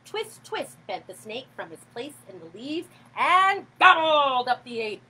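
A woman reading a picture book aloud to a child, animated and expressive, with sound effects. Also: high voice, unhurried, husky, rough recording.

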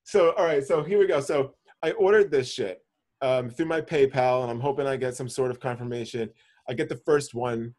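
A man's voice: medium pitch, moderate pace, darkish tone. A man co-hosting a podcast, telling a story in casual chat, swearing freely and acting out his own panic. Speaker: podcast co-host.

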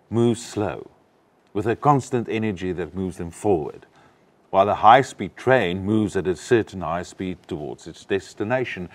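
A male acting coach leads a lesson, walking a student through each point. His voice sits very low yet moves with lively, animated swings in pitch. He sounds patient and instructive. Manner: instructive, explains step by step.

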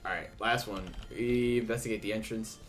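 With a lowish, steady voice at normal speed, a young man hosts a game playthrough, voicing the characters playfully and chatting loosely with some swearing.

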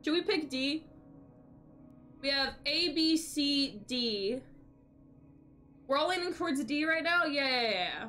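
A woman's voice: sits high, animated, slow, pauses often, sharp tone, soft background music. A young woman streaming a game, chatting playfully and greeting her viewers. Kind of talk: casual live-stream chat while gaming.

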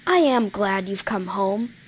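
A woman's voice: medium pitch, lively intonation, a little slow, slightly rough. A woman voicing a cheerful young male engine, talking in an eager, chatty way.

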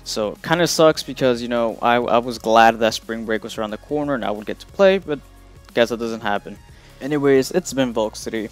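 Faint music sits behind a young man's medium-pitched voice as he talks a little fast on his gaming news vlog. His delivery is loose and wandering, full of fillers.

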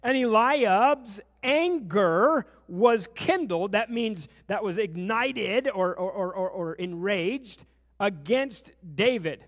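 Pastor guy preaching, real high voice, lots of church echo. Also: lively intonation, slow. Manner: preaching with rising intensity, questions to the congregation. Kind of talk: sermon. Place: church sanctuary.

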